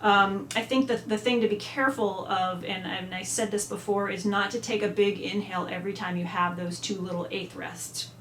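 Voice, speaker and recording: A woman's voice: medium pitch, steady tone, normal speed, few pauses, fairly bright tone. Woman teaching music at home, chatty, sings lines on syllables, echoey room, bit of background hum. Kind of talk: instrument lesson walkthrough. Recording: echoey room, faint ambience.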